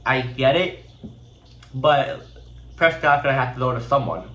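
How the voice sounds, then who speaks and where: A man's voice: medium pitch, a bit bright. Sick male host, stuffy and nasal, loose chatty delivery with uh and um, roomy, slightly dull recording. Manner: casual, halting, many fillers. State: sick and congested. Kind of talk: fantasy football picks rundown.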